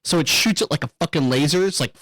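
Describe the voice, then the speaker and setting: A man hosting a podcast in casual chat, excitable, laughing often and swearing a lot. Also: a little high, quick pace, no room sound, poor audio. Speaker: podcast host.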